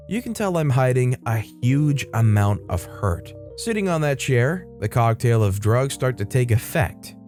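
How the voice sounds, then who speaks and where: A man reading a first-person forum story aloud as steady scripted narration. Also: mid-range voice. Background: faint background music.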